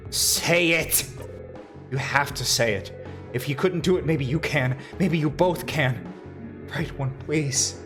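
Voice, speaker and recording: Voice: medium pitch, slow pace, pauses often, music in the background. A streamer playing a video game and reading its second-person text aloud in a dramatic, emotive way.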